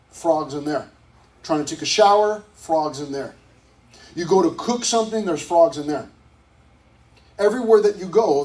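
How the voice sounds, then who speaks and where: Youth pastor teaching from a distance. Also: male voice, high voice, a little mellow. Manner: conversational, restarts often, reads scripture aloud. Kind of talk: casual Bible teaching.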